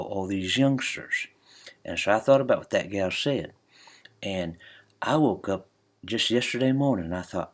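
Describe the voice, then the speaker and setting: An older man, telling a comic story in a folksy, drawling way and laughing at his own jokes. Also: fairly low pitch. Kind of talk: folksy comedic monologue.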